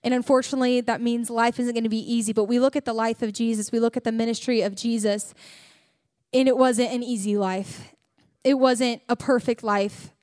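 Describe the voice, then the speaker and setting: A young woman delivers a church message in a high, bright voice, mixing preaching with a chatty personal story full of filler words. The sound is close and dry, with no room echo. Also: fairly even intonation, brisk. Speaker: church speaker. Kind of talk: sermon.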